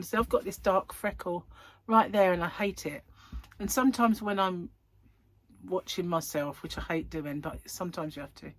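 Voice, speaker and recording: A woman talking in a rambling, chatty way, laughing often and acting out the things she and others said. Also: on the low side. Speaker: host of a crochet chat channel. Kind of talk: casual chat.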